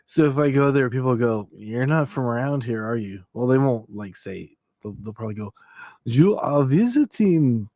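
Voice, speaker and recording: A man's voice: mid-range voice, a little fast, hardly any pauses, darkish tone, no room sound, muffled recording. A man hosting a late-night livestream, joking and laughing as he reads chat requests aloud. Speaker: livestream host.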